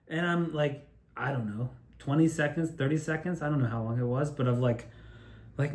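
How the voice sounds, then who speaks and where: A man's voice: on the high side, moderate pace. Profane rambling man, roomy echo. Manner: profane, digressive, animated; drinking beer while talking. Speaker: video maker telling childhood stories. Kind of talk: rambling personal storytelling monologue.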